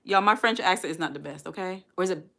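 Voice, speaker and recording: Chatty lower-voiced woman livestreaming. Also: quick pace, creaky, sharp tone. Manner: rambling, chatty, encouraging. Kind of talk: casual livestream chat with viewers.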